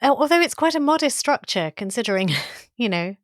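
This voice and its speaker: A woman co-hosting a history podcast, talking in a lively, chatty way with frequent asides. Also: a little high, fairly quick, dry recording, studio quality. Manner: lively, chatty, with many "you know" asides. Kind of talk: casual podcast chat.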